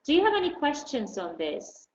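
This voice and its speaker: A woman teaching an online English lesson. She explains patiently and slowly, with many fillers. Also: high-pitched, huge pitch swings, a little mellow. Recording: dull roomy recording, faint noise.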